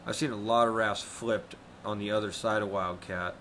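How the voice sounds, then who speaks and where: A laid-back man chatting casually with a fellow guide, tossing in swear words. His voice is bright and forward. A faint background hiss sits under him. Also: lowish voice, fairly even intonation, moderate pace. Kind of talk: casual chat.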